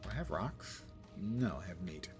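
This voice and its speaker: A man's voice: sits low, very animated, moderate pace, music in the background. A tired, yawning man streaming a game, chatting casually with wry, rambling asides. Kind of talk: casual live-stream chat while gaming.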